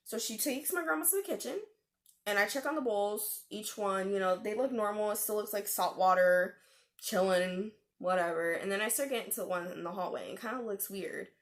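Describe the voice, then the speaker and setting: A young adult woman talks straight to her viewers, telling a personal story in a relaxed, chatty vlog style. Her voice sits at an ordinary middle pitch, and she peppers her telling with slang and casual fillers. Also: brisk. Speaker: vlogger.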